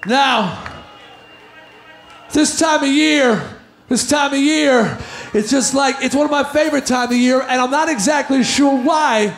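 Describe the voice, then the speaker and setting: A man from the New York area telling a stand-up story in a loud, animated, ranting way. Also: very high voice, unhurried, gravelly, pauses often, slight background noise. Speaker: comedian. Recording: roomy echoing sound.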